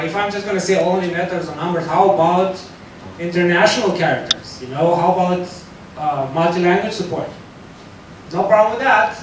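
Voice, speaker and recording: A man giving a live technical talk to a room, loose and conversational, with fillers and self-corrections. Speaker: security talk presenter. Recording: echoey hall from far off, faint rumble.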